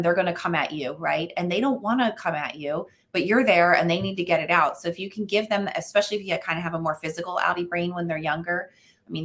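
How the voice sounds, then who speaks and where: Lively woman parenting expert, lowish voice. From United States. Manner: animated storytelling with frequent fillers. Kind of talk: conversational interview.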